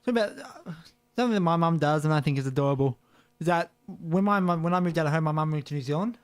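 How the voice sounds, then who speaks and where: A young man from Australia, joking through quick anecdotes in a casual radio chat. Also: a little high. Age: 20s. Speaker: radio co-host.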